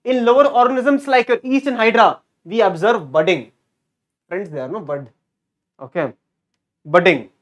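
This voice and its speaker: A male teacher giving a lively online exam-prep lecture. He repeats key words and keeps quizzing his students. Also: high-pitched, normal speed, long pauses. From India.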